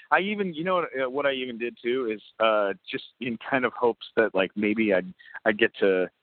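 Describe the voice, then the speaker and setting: A man guesting on a casual phone interview, rambling and excitable, with lots of restarts. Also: medium pitch, normal speed, dry recording. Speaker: guest voice actor and comedian. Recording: tinny phone line, dry.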